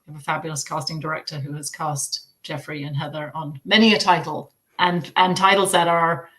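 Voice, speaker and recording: A woman's voice: fairly low pitch, a bit bright. A woman speaking as an audiobook publisher on an online panel, thoughtful and a little hesitant, with many fillers. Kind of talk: casual panel discussion. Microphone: video call.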